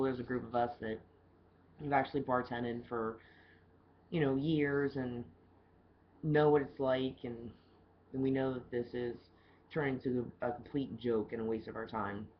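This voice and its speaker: A woman's voice: rumbling low, fairly even intonation, moderate pace, pauses often, noisy background. A woman working as a bartender, telling stories in a loose, chatty video diary and swearing casually. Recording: dull lo-fi camera audio with faint background ambience.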